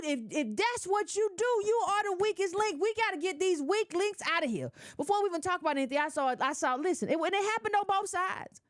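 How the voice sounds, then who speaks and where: A woman with a high voice talks straight to her audience in casual commentary. She is emphatic and scolding and hammers her points home with repetition and slang. Her voice sounds dry, with no room echo.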